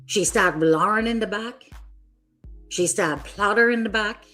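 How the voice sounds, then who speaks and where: A woman's voice: medium pitch, measured pace, a bit bright, soft background music. A woman hosting her own livestream, delivering an angry, profane, confrontational rant at other creators. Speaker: streamer host.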